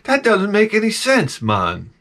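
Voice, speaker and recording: A man voicing a philosophical Jamaican male coworker, speaking slowly with a Jamaican accent in a musing, matter-of-fact way. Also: high-pitched, wildly swooping pitch, fairly bright tone, voice pushed up, heavily acted.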